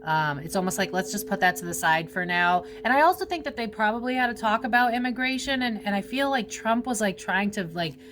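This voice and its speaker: A woman's voice: mid-range voice, expressive, a little fast, hardly any pauses, background noise. A woman giving a casual psychic reading, rambling, full of fillers and casual swearing. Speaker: psychic reader.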